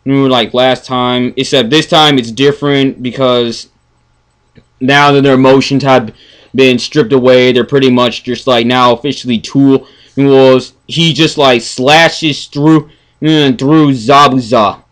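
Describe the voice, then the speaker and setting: A man ranting in a casual review, profane and exasperated, stammering and swinging from mumbling to yelling. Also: medium pitch, steady tone, unhurried. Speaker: anime reviewer.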